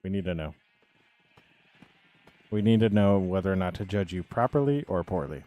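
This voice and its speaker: A man's voice: deep voice, expressive, moderate pace, warm tone. A man chatting casually on a live game stream, rambling and answering his viewers' chat as he plays.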